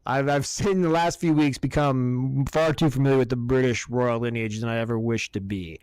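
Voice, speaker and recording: A man co-hosting a casual podcast, rambling and swearing his way through excitable rants. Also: medium pitch, fairly quick, smooth, no echo, studio quality. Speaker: podcast co-host.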